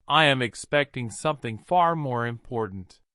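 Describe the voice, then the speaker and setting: A man reading an audiobook voices a calm elderly male professor who speaks in a measured, smiling, coolly provoking way. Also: medium pitch, no echo, studio quality. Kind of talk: audiobook character voice.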